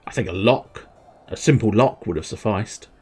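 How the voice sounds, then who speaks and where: A man's voice: on the low side, normal speed, dark tone, husky, soft background music. A man chatting on a gaming livestream in a wry, joking way and laughing often. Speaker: gaming streamer. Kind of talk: casual livestream chat.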